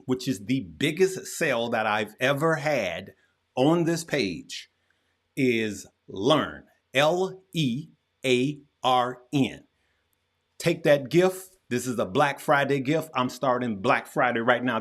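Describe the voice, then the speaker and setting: A man hosting a live investing show, talking to his viewers in an energetic, folksy way and repeating phrases for emphasis. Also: mid-range voice. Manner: energetic, folksy, speaks straight to viewers as "y'all" and "good people". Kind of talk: hyped-up live stream chat.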